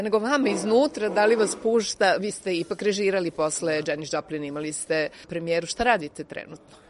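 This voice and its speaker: A woman's voice: lowish voice, fast talker. Woman, radio interviewer, polite, direct, noisy clicking broadcast.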